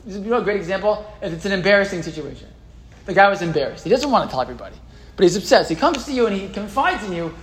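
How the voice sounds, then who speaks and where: A man's voice: sits high, lively intonation, racing, rough recording. A man giving a live Torah class in a classroom, chatting with the audience, quizzing them and reading old texts aloud before translating them. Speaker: Torah teacher.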